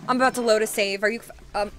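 A woman streaming a video game, reacting excitably and yelling and swearing when frustrated. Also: fairly high pitch, rapid-fire, noisy background. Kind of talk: live gameplay commentary. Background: game music.

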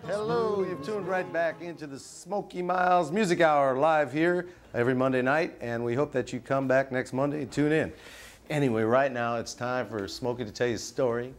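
A man hosting a live TV music show, telling a playful puppet story with lots of pauses. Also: mid-range voice. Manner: rambling, playful, lots of uhs. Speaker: show host. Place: TV studio with live audience.

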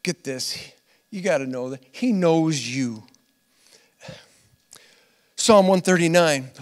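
A man preaching a conversational sermon as pastor. He is earnest, laughs often, repeats phrases, and swings from loud emphatic lines to quiet asides. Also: on the high side, lively intonation, takes it slowly, pauses often, long reverb tail. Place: church hall.

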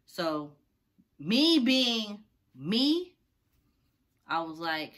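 A woman recounts a wild personal story in a casual, expressive vlog style. Her voice is bright and sits at a mid pitch, and she slips into other people's voices as she goes. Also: very slow.

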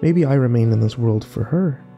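A man narrating a first-person horror story slowly and wistfully, with small restarts. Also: mid-range voice, dark tone, soft background music.

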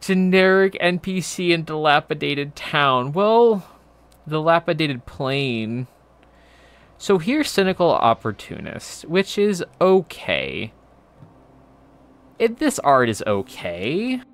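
A man hosting a livestream alone, chatting casually, animated and swearing. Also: fairly high pitch, slow, smooth. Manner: animated, swears, laughs often. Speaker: streamer host.

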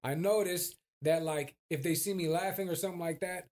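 A man's voice: high-pitched, steady tone, a little fast, a little mellow. A young man in a casual podcast chat who swears, laughs a lot and mimics his coworkers. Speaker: podcast co-host.

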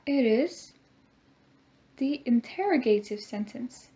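A woman teaching a grammar lesson, speaking slowly and clearly and having the class repeat words after her. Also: on the high side, animated, dark tone, muffled recording. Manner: slow, clear teacher talk with call-and-repeat drills.

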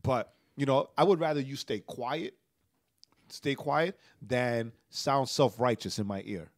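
Male pastor-host, emotional storyteller, average pitch, dry booth sound. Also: a little slow, dry recording. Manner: emotional storytelling, tags lines with "right?". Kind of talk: casual conversation.

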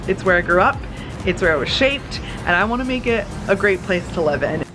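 A young woman talks straight to her viewers in a casual vlog. She is upbeat and chatty, filling her sentences with "like", in a middle-pitched voice. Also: expressive, fairly quick, over music. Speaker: vlogger.

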